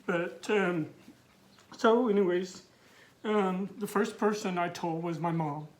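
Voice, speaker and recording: A middle-aged man tells his own coming-out story, slowly and haltingly. He stumbles over fillers and restarts his sentences, and he is teary as he speaks. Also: high voice.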